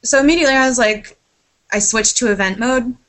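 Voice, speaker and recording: A woman's voice: a little high, fairly quick, a bit bright. A woman in casual podcast chat, telling a rambling, sidetracked story with casual swearing and a lot of apologizing.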